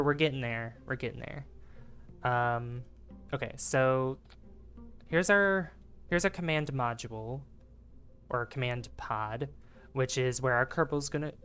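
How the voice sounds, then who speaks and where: A man's voice: mid-range voice, fairly bright tone. Chatty man streaming a game. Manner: chatty, rambling, many fillers, greets chat. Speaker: gaming livestreamer. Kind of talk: casual live gameplay commentary.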